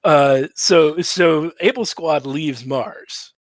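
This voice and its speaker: A man's voice: a little high, drawn-out words, dry recording. Casual man recapping a cartoon, dry sound. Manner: joking, animated storytelling with quoted voices. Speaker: podcast co-host recapping a cartoon. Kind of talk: casual chat.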